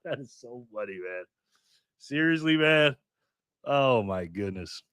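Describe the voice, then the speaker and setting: A man with a clear, resonant, fairly bright mid-range voice takes his time as he hosts a casual livestream. Expressive and friendly, he reads comments and greets viewers by name, calling them "man" and "bro," over clean studio audio with no room sound.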